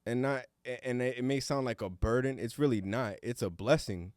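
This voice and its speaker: A man's voice: mid-range voice, moderate pace, darkish tone, no room sound, studio quality. A man co-hosting a casual podcast roundtable, talking earnestly and reflectively, now and then swearing casually. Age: adult with young son. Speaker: podcast co-host.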